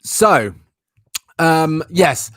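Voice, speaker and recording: Animated man chatting with viewers. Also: a little high, extremely slow. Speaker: live-stream host. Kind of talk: casual live-stream chat.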